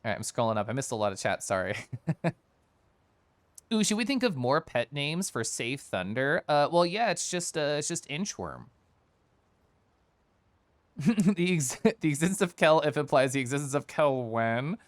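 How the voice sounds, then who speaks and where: A man's voice: on the high side, normal speed, pauses often. Chatty man ranting on a stream. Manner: animated storytelling with mocking quoted voices; laughs often while talking. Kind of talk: casual stream chat.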